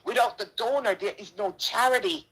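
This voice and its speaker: A fairly high, bright voice with a breathy edge comes through poor audio, moving a little fast. It belongs to a middle-aged Jamaican woman, a charity donor caught in a dispute, who makes an impassioned, indignant personal statement and emphatically repeats her points.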